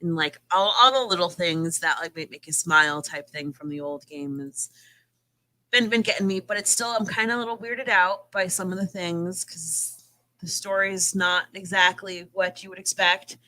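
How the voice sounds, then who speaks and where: A woman's voice: fairly low pitch, moderate pace, sharp tone, no echo. A woman co-hosting a casual gaming podcast, chatty and giggly as she rambles about her week. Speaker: podcast co-host.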